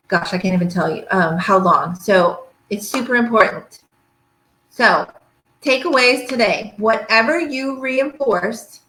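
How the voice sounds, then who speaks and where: A middle-aged woman talks parents through a workshop in a loose, chatty way, pausing often to check they follow. Her voice sits at an ordinary middle pitch. The sound carries the echo of a bare room. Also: fairly bright tone. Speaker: pediatric physical therapist teaching a parenting workshop. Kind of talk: casual workshop lecture. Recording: echoey room.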